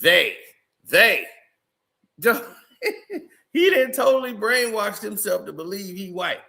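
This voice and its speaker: A man's voice: high-pitched, sing-song, slow, vocal fry, sharp tone. A man commenting on a video clip in a casual, incredulous way, laughing often.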